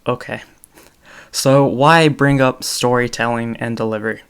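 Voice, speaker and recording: A man's voice: medium pitch, steady tone, unhurried, gravelly, fairly bright tone, smooth. A young man hosting his own podcast, talking alone off the cuff, thinking aloud and correcting himself as he goes. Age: young adult. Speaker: podcast host. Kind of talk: unscripted solo talk.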